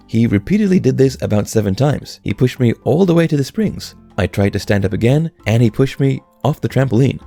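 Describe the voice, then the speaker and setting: Gravelly-voiced male story narrator. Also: medium pitch. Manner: steady storytelling read. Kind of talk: scripted narration of online stories.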